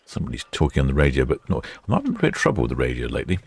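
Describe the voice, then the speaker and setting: An English livestream host narrates ship departures from a quayside port camera station, chatting casually and reading viewer comments. His extremely low voice races along with huge pitch swings, gravelly yet a little mellow with a breathy edge, and there's no room sound.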